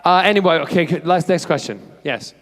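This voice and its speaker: On a convention hall stage, a man fields fan questions in a casual Q&A, playful, chatty and teasing himself. His voice is on the high side, expressive and fairly bright, a little fast, with slight background noise.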